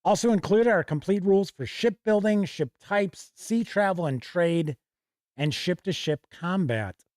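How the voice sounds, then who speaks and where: A man's voice: sits high, lively intonation, unhurried, darkish tone, no echo, clean studio sound. A middle-aged man hosting a casual livestream, reading passages aloud from old game books and correcting himself as he goes. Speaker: host.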